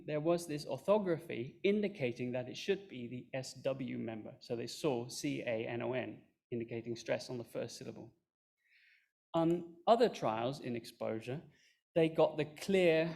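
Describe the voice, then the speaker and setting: A man's voice: medium pitch, vocal fry, a little mellow. A man presenting an academic research talk, explaining his method step by step with fillers and small self-corrections. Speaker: conference speaker.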